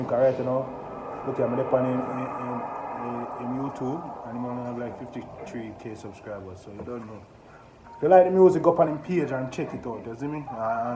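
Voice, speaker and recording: A Jamaican man hosting a casual music reaction, talking excitedly and often asking "you see me?". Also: mid-range voice. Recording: echoey room with background noise.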